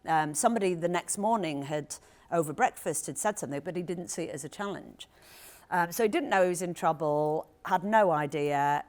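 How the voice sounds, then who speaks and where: A woman author in conversation at a live event, telling an anecdote in a lively, animated way with quick asides. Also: fairly low pitch. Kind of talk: storytelling talk at a live event. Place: event hall with audience.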